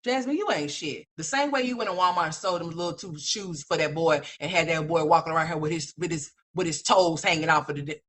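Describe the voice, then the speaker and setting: Talking fast and barely pausing, this woman hosts a livestream full of slang-heavy ranting that's crude, brash and scolding. Her delivery is animated, shifting back and forth between loud and quiet.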